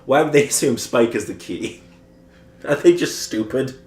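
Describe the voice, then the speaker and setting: A man's voice: mid-range voice, expressive, normal speed, darkish tone, reverberant. A man co-hosting a podcast, recapping a show's plot in casual chat and chuckling often as he goes. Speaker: podcast co-host recapping episodes.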